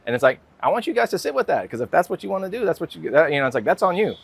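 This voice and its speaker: A man's voice: sits high, big pitch swings, racing, vocal fry, husky. An American man in an interview, talking casually and rambling with lots of filler words. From United States. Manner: rambling, full of "like" and "you know" fillers. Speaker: guest artist.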